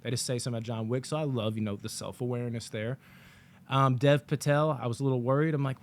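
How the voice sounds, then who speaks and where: Dude doing a loose unscripted movie review, rambles and swears a lot, voice sits right in the middle. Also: male voice, medium pitch, fairly even intonation, fast talker, a little hiss or hum. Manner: rambling, profane storytelling with lots of fillers.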